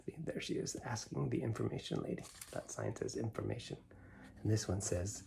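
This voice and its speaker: A man's voice: on the low side, wildly swooping pitch, brisk, vocal fry, a little hiss or hum. Middle-aged man reading a picture book to kids. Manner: gentle, explains pictures, asides to kids. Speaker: storybook reader.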